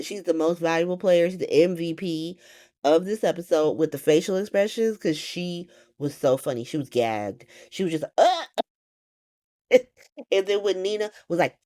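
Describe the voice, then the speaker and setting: A woman recapping a soap opera in a loose, profane monologue, full of swearing and bursts of laughter. Her voice sits a bit low, but she swings through a lively range of pitch. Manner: animated, heavy swearing, laughs often.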